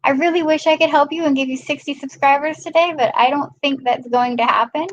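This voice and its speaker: A woman's voice: sits high, steady tone, brisk, dull audio, slight background noise. Chatty woman hosting a live stream. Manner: chatty, greets viewers by name. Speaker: live-stream host filling in. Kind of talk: casual live-stream chat.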